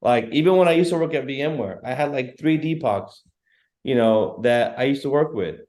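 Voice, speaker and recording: A man rehearsing a standup bit on a video call, telling it haltingly with fillers. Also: mid-range voice, expressive, a little mellow. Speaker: workshop participant practicing a joke. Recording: roomy echo.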